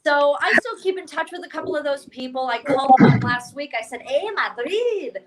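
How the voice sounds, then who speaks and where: A young woman from Canada doing a stand-up comedy set for an online stream, with a deadpan, self-mocking delivery. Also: high voice, quick pace, a crowd in the background, poor audio.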